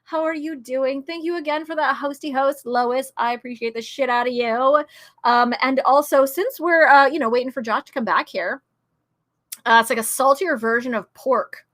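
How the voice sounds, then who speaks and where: In a casual streaming chat, a middle-aged woman who's both streamer and guest greets viewers with a bubbly manner and frequent laughter. Her voice is high and fairly bright, moving at a normal speed.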